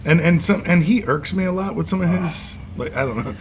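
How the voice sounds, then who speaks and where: A man's voice: on the high side, a little fast, crowd noise. A man co-hosting a casual sports talk show, rambling and swearing as he reacts to a game. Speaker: podcast co-host.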